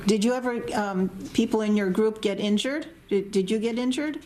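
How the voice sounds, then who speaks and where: A woman's voice: medium pitch, moderate pace, dark tone, slight background noise. A woman interviewing for an oral history, asking short questions and prompting the speaker along. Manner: brief encouraging prompts and backchannels.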